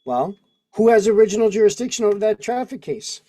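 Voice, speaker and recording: A man with a fairly high-pitched voice hosts a casual livestream over a video call microphone. He preaches in strings of rhetorical questions. He breaks off to read and answer comments from his chat. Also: big pitch swings, fairly quick, warm tone. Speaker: livestream host.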